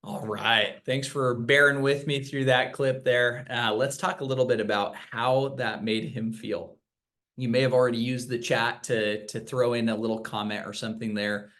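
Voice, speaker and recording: A man's voice: medium pitch, steady tone, normal speed, a bit bright. A man teaching new sales reps in a casual virtual training session, explaining points with examples. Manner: conversational, explains with examples and acted-out quotes.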